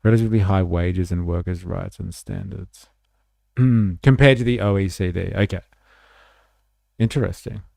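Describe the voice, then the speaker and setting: A man's voice: deep voice, moderate pace, gravelly, pauses often, darkish tone, no room sound, clean studio sound. A man hosting a livestream, giving casual, sardonic commentary on clips and reading chat aloud. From Australia. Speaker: livestream host.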